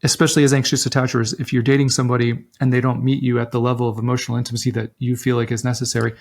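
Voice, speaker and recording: A man's voice: mid-range voice, very fast, gravelly. A man co-hosting a relationship talk show, giving casual advice with lots of restarts and acted-out quotes. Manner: animated, acts out quoted voices, many restarts. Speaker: relationship podcast co-host.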